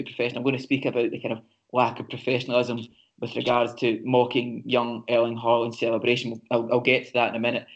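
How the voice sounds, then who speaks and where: A man co-hosting a casual football podcast, his pitch staying flat and even as he works through his points. He talks in a measured way, often pausing on ums and restarting sentences. The audio is slightly dull and lo-fi. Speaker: podcast co-host.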